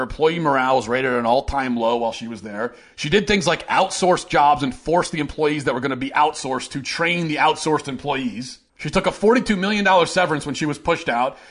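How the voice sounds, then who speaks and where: A man delivers opinion commentary in a fairly high voice. He sounds sarcastic and mocking, and he grows heated and scornful as he argues. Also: a bit bright. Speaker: host.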